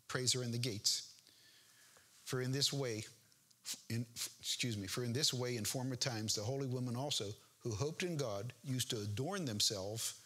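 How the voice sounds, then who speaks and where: An older male pastor delivers a folksy sermon, moving between reading scripture verses and making joking, homespun asides. His voice is bright and forward, with a husky, slightly rough edge. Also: mid-range voice.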